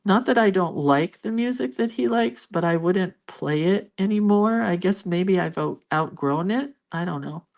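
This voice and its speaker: An older woman chatting casually as she colors, rambling into stories with soft, murmured asides at her art desk. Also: on the low side, lively intonation, moderate pace, vocal fry, few pauses. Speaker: art vlogger. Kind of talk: casual chat while coloring.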